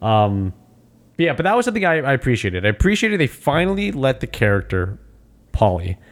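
A man's voice: mid-range voice, brisk. A man co-hosting a casual podcast, recapping a film scene and acting out the characters' lines with lots of swearing. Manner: animated, acts out characters' lines, swears freely. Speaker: podcast co-host. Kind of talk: casual movie recap chat.

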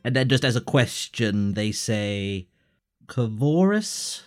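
Slow-talking man playing a tabletop game. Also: fairly low pitch, steady tone, clean tone, soft background music. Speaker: player. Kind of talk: tabletop role-play.

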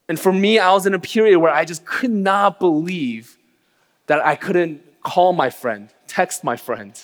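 Earnest preaching man in a reverberant hall. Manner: earnest, drops to a hushed low voice on grief and rises sharply on emphasis. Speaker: pastor. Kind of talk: sermon.

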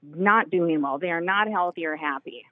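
A woman from Minnesota with a Minnesotan accent calling in to a radio show, chatty and excited. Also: lowish voice, moderate pace, narrow, tinny audio, a little hiss or hum. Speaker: caller. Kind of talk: call-in radio conversation.

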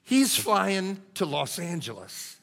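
A patient female airline worker answers softly and apologetically, as a man puts her on. Her voice stays low-key while a long hall reverb rings behind it. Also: very animated, slow pace, creaky, heavily acted. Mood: calm. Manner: soft-spoken, apologetic.

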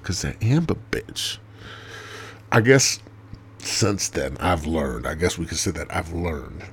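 A man hosting a podcast, rambling crudely and swearing a lot, dropping to mutters and jumping into loud mock voices. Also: low-pitched, very animated, takes it slowly, a little hiss or hum. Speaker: podcast host.

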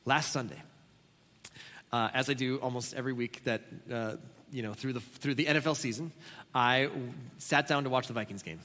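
A man preaching a sermon as pastor, telling stories with sudden loud exclamations. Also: mid-range voice, fairly even intonation, moderate pace. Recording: long reverb of a large hall.

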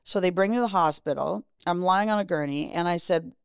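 Frank, low-voiced woman telling her story. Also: brisk, gravelly, clean tone, no room sound, studio quality. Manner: frank and profane, acting out quoted dialogue. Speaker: guest. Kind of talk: candid personal storytelling.

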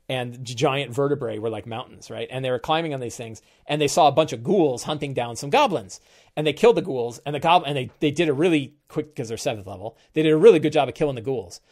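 A man's voice: medium pitch, darkish tone. A middle-aged man hosting a live stream about game prep, talking casually and thinking aloud as he goes, often correcting himself mid-sentence. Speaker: game master and show host.

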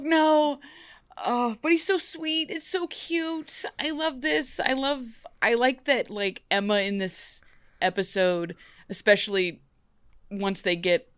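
A woman's voice: mid-range voice, clean tone, no room sound. Giggly woman in a dry, close sound. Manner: excitable, giggly, quick jokey voices. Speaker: podcast co-host. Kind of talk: casual recap chat.

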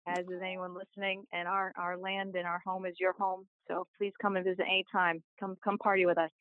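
An earnest woman guest speaking with devout conviction in a steady, flat delivery, slightly low. Her voice comes through a tinny, phone-like call line. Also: brisk, dry recording. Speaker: podcast guest. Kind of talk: heartfelt conversation.

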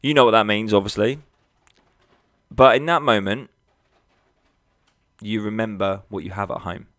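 A man with a fairly low voice talks straight to his listeners as a nutrition coach. His delivery is blunt and punchy, peppered with swearing. The sound is close and dry, with no room around it. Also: fairly even intonation, moderate pace, a bit bright, dry recording. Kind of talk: casual motivational monologue.

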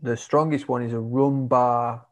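A man's voice: mid-range voice, steady tone, measured pace. Laid-back man chatting with a mate. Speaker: podcast guest. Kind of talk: casual chat over video call. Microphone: video call.

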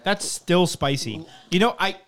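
A man with a slightly high voice co-hosting a podcast. He chats loosely and laughs a lot. His sentences come out in halting, rambling bursts. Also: expressive, a bit bright. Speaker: podcast co-host. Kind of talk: casual chat.

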